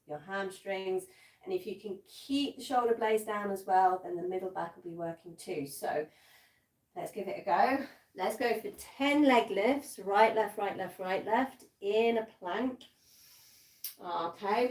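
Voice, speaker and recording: A woman teaching a live pilates class, counting reps aloud and giving encouraging cues while she demonstrates, a little out of breath. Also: medium pitch. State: slightly out of breath. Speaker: pilates instructor. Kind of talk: live-streamed workout class instruction. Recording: echoey room, voice from a distance.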